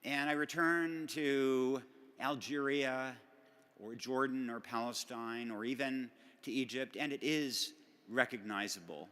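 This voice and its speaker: A middle-aged man stands at a podium and delivers an acceptance speech. His bright voice carries through a large banquet hall with a long reverb tail. He talks in a relaxed, self-deprecating way, with plenty of fillers and restarts. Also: mid-range voice, measured pace, clear, resonant tone. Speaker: award recipient giving a speech.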